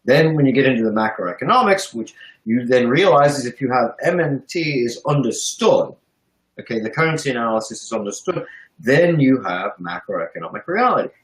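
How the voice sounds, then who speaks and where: A man's voice: medium pitch, expressive, fairly quick. A man with a sarcastic, emphatic way of talking who laughs through his points as he explains economics. His voice sits in an average range and carries a noticeable room echo. He is a guest in a casual, heated discussion. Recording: roomy echo.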